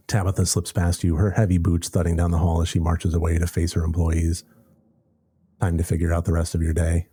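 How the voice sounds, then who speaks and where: A man's voice: sits low, level tone, fairly quick, warm tone, husky. A man playing a story game, reading its text aloud and making wry, sarcastic asides. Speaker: let's play gamer.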